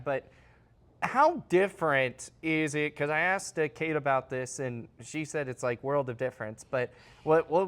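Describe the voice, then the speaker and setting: A man's voice: mid-range voice, clean tone. A man hosting a sports interview show, asking long, rambling questions in a casual way.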